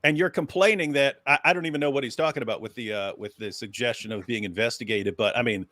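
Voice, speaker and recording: A man's voice: mid-range voice, fast talker, sharp tone, no room sound, clean studio sound. A man co-hosting a live discussion, sounding incredulous, laughing between points and hesitating with fillers. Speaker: live show co-host. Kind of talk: heated casual discussion.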